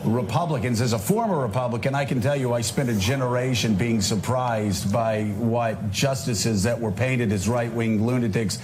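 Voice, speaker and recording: A man's voice: medium pitch, moderate pace, few pauses. A man speaking as a political guest, answering an interview with an earnest warning tone. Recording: noisy distant played-back clip.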